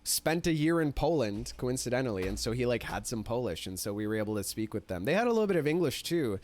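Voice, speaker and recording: A man casually telling a story, animated and profane, filling his talk with "like". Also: mid-range voice, fast talker. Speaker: streamer.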